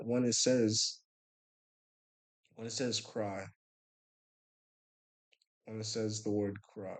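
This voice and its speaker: A young man with a slightly low voice tells a story late at night, sounding worn out. He rambles and stumbles through restarts and fillers as he goes, in a loose, casual vlog manner. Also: low-quality recording. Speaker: vlogger.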